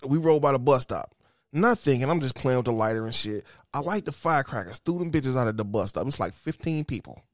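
A man, telling rowdy stories in a profane, animated casual chat. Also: mid-range voice, fairly quick, dry recording, clean studio sound. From Detroit, Michigan.

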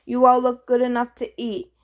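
A woman's voice: fairly high pitch, monotone, moderate pace, close to an everyday voice. A woman doing a sneering, cursed old man. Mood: mock-gracious. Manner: snide, sneering. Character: sneering cursed ancient man, bitter and cruel.

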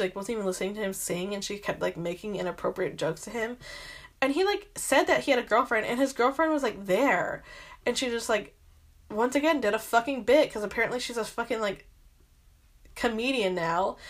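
A young adult woman hosting a podcast, rambling through exasperated gossip commentary with constant filler words and frequent swearing. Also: medium pitch. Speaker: podcast host.

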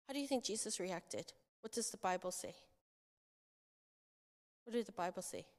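A woman pastor giving a children's sermon, telling a story in an animated way and asking the children questions. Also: high voice, normal speed, pauses often. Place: church sanctuary. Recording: long church reverb.

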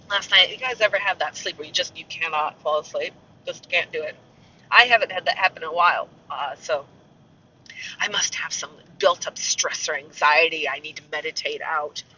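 Man, castle tour guide type, high and sharp-toned, chatty and rambling, muffled far-off recording. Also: slight background noise. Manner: rambling, chatty, self-mocking asides. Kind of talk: casual vlog chat. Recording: muffled, slightly distant mic.

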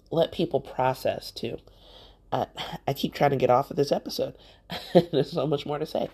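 A woman's voice: very deep voice, dark tone. A woman hosting a motivational podcast, talking straight to the listener in a conversational, encouraging way. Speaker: podcast host.

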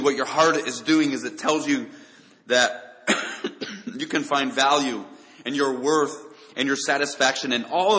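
A man's voice: medium pitch, bright, forceful tone. Preaching man in an echoing hall. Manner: earnest preaching with rhetorical questions and direct address. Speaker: pastor. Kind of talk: sermon.

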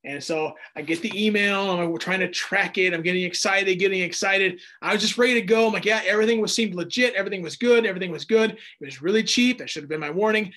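Brief: male pastor in his thirties, high-pitched voice, lively storytelling sermon delivery. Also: fast, few pauses. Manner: animated storyteller, acts out dialogue in raised voice. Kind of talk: sermon with personal stories.

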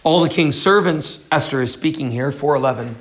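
High-voiced man preaching a sermon. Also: a little fast, a bit bright. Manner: expository preaching, reading scripture aloud then explaining. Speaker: pastor.

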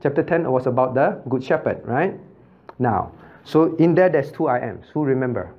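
A man's voice: medium pitch, animated, normal speed, dull audio. A man, a pastor, teaching a Bible study class, constantly asking his listeners questions, checking with "right?" and chuckling as he explains. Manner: chuckles often while explaining.

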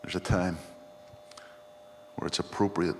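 A low, unhurried man's voice delivers an earnest sermon, weaving in scripture as he reflects. His words ring out with a long reverb, as if from a large church hall. A faint hum sits underneath. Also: level tone, darkish tone. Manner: earnest, reflective preaching, often quoting scripture. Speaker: pastor.

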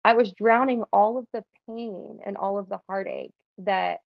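A woman's voice: mid-range voice, steady tone, moderate pace, gravelly, no room sound, highs cut off. A young woman telling her personal faith testimony in a casual, earnest way, often saying "like". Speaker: guest sharing testimony.

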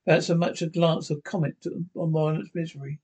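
A man reading aloud a fan-written scene description of a TV episode, halting and often stumbling and repeating words. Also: fairly high pitch, level tone, vocal fry, a little mellow, husky. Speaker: narrator.

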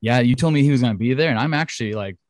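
A man co-hosting a podcast in casual chat, chatty, excitable and jokey. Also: mid-range voice, very fast, no room sound, clean studio sound. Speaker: podcast co-host.

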